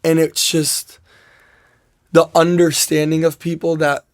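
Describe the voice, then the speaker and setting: A man's voice: a little high, little pitch movement, measured pace. A young man, a soccer player guest in an interview, telling a personal story in a rambling way, full of "like" and quoted asides.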